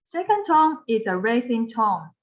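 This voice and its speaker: A woman whose first language is Mandarin gives a recorded pronunciation lesson, slow and patient and often repeating a phrase. Her voice sits a little high. The recording is dull and lo-fi. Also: very animated. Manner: patient, repeats phrases, spells out each step. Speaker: Mandarin teacher.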